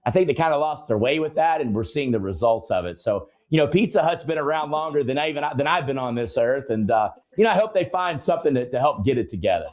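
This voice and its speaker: Casting: male talk-show co-host, mid-range voice, lively mock-shocked delivery, easy chuckles. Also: medium pitch, fast, few pauses. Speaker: podcast co-host. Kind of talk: casual chat.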